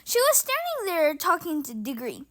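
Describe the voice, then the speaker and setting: A woman's voice: extremely high pitch, wildly swooping pitch, normal speed, a bit bright, heavily acted. A woman reading the lines of a flustered, horrified teenage boy who talks wildly and gaspingly. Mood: upset. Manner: wild, gasping.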